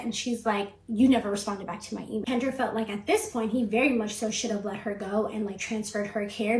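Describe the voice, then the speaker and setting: Chatty woman recapping a story, echoey room. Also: on the high side. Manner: chatty, peppered with "like", acts out quotes. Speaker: commentary channel host. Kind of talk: casual storytime commentary.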